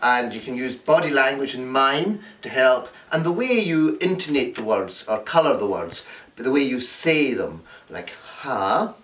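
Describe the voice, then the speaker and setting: Filmed by a distant camera that makes the sound roomy, a man leads a drama and games workshop indoors at home. He's playful, acting out small scenes to demonstrate, in a fairly bright, medium-pitched voice with lively intonation and an unhurried pace.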